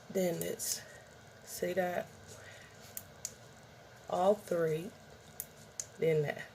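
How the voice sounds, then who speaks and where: A woman's voice: on the low side, slight background noise. A middle-aged woman vlogger in a rambling, chatty show-and-tell, talking straight to her viewers. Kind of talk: casual show-and-tell vlog.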